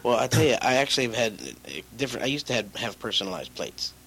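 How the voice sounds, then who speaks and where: A man's voice: medium pitch, very animated, quick pace, vocal fry, a bit bright, breathy edge, low-quality recording. A man from California, a radio personality and rapper, telling stories as a guest in a casual interview, rambling with restarts. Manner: rambling storyteller with restarts and laughs.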